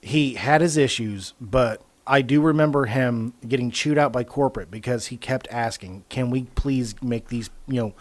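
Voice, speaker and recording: A man's voice: medium pitch, moderate pace, few pauses, dry recording. A man swapping rowdy work stories in casual chat, laughing often and swearing freely. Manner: laughing, profane, animated retelling. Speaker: podcast co-host.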